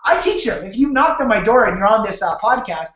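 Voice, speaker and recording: A man's voice: high-pitched, very animated, a little fast, a bit bright. A man hosting a live sales-training webinar, talking casually with many restarts and acting out door-step scenes on a video call. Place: home room on a video call. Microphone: computer mic on a video call. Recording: echoey, dull webcam audio.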